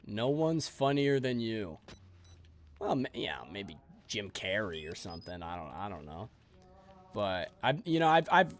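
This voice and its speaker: A man streaming a game live, joking and rambling sleepily with his chat. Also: medium pitch.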